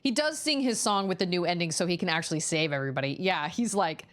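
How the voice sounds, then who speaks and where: A woman's voice: on the low side, quick pace. Chatty woman streamer telling a story. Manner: animated, rambling storyteller. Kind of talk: casual chat while gaming.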